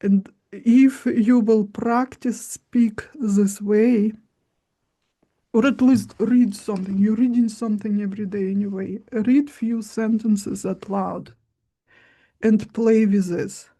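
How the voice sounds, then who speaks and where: A woman speaking as a guest coach in an interview, explaining in a slow, deliberate way with long pauses. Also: medium pitch, steady tone, warm tone. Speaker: guest voice and body-language coach. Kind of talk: instructive interview talk.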